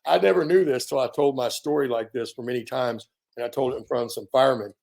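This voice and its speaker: Animated American man in his fifties telling a story. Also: medium pitch, quick pace, creaky. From United States. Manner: animated storyteller, acts out quoted dialogue, frequent fillers. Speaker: interview guest, military veteran. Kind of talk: conversational storytelling interview.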